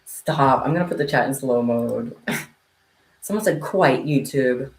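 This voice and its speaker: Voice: mid-range voice, takes it slowly. A livestream host chatting casually with viewers, playful and teasing, laughing often. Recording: echoey room.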